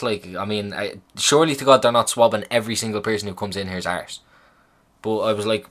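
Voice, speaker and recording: A young man casually retelling a hospital visit, swearing and rambling, animated in the telling. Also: lowish voice, a little fast. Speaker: vlogger. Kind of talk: casual storytelling chat.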